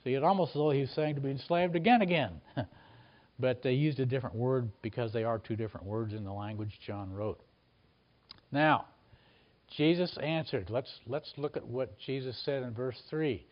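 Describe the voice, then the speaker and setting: A man's voice: mid-range voice, moderate pace, dull audio. A man preaching a Bible teaching sermon, explaining verses in an earnest, conversational way with frequent fillers and restarts.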